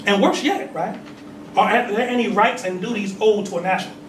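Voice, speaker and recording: High-voiced man preaching in an echoey hall. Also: normal speed. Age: 40s. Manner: questions the congregation, reads aloud, laughs between points. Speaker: religious teacher. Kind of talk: sermon with call and response. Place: temple hall. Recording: echoey hall, mic at a distance, noisy.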